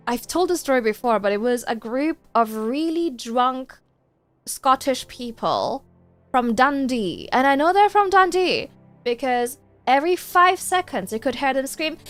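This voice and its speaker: Woman streamer, casual gaming chat, high voice, exasperated storytelling, faint music behind. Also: dry recording. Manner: animated, exasperated storytelling with swearing.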